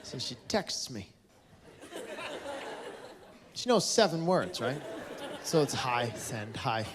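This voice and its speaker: A man's voice: mid-range voice, sing-song, slow. A man doing stand-up comedy on a theatre stage, teasing audience members in a playful way. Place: casino resort theatre stage. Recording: live show with crowd and background noise. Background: audience laughter.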